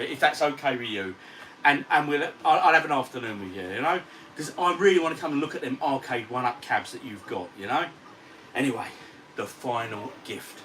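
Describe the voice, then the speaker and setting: Chatty man in his forties, lively. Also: a little high. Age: 40s. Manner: chatty, matey, reads out viewer comments. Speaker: retro gaming vlogger. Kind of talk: casual livestream chat. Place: home games room. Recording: distant mic with faint ambient noise.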